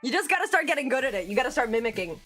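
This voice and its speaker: A giggly, talkative woman chats casually on her livestream. Her voice sits high and swoops around a lot. Soft music plays faintly behind her. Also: big pitch swings, rapid-fire. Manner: chatty, giggly, self-described yapper. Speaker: streamer. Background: faint background music.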